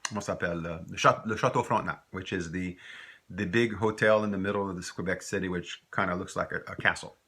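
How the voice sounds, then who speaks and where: A man's voice: deep voice, sharp tone. A man teaching a recorded language lesson, rambling into anecdotes and switching between French and English.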